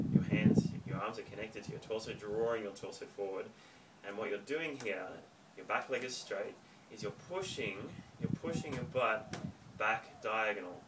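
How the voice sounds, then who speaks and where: A man teaching a home dance lesson, counting beats and giving clear step-by-step instructions. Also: on the low side, fairly bright tone. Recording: distant mic, faint room noise.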